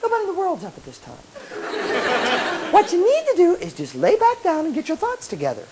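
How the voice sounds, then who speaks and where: A man's voice: very high voice, huge pitch swings, fairly quick, pitched above the performer's own voice, heavily acted. A man doing a nagging little inner voice. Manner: scolding, coaxing. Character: nagging inner voice, male, scolding and sly. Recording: noisy live tape with audience.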